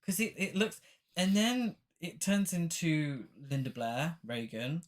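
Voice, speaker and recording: A podcast co-host in casual chat, talking haltingly with many restarts and making dry, deadpan remarks about a film. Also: medium pitch.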